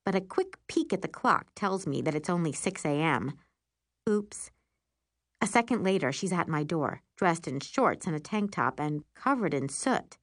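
A woman narrating a first-person children's story in an expressive, animated way. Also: lowish voice, moderate pace, dry recording, studio quality. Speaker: audiobook narrator.

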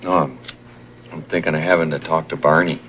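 An actor playing a male police sergeant under hypnosis, recalling a stakeout in a halting way with many pauses. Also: rumbling low, steady tone, a bit bright, a little hiss or hum. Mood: dazed, recalling. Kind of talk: sitcom acting.

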